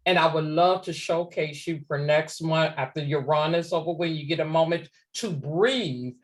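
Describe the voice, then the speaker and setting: A man's voice: a little high, moderate pace. Effusive man in his fifties. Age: 50s. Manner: effusive, chatty. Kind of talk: interview conversation.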